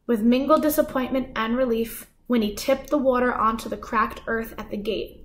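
A woman guest host reading a children's novel aloud in a calm, measured way. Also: a little high, slight background noise. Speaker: guest storyteller. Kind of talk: storybook read-aloud.

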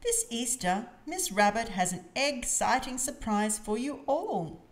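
A woman reading aloud, voicing a kind female gazelle teacher who speaks slowly and gently. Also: fairly high pitch, sing-song. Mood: pleased.

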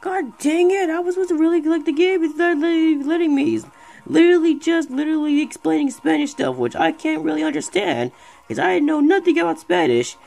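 A streamer giving casual let's-play commentary, excitable and rambling, talking back to the game. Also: high voice, a little fast, creaky, soft background music. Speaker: gameplay streamer.

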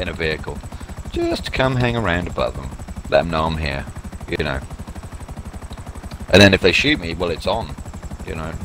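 A man's voice: deep voice, noisy background. A man, co-hosting a gameplay stream with dry, joking banter. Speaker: game co-host. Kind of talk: casual live-stream chat over gameplay.

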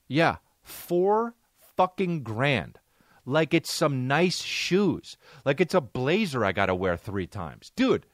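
A man in his thirties who hosts a comedy podcast and tells a rambling, profanity-laced story. His pitch sits mid-range but swings all over. The recording is dry and close. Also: fairly bright tone, dry recording.

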